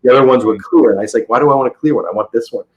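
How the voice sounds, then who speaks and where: A middle-aged comic book dealer races through his stories as a podcast guest, his medium-pitched voice coming through a muffled recording. His casual storytelling is rambling and enthusiastic, marked by repeated restarts.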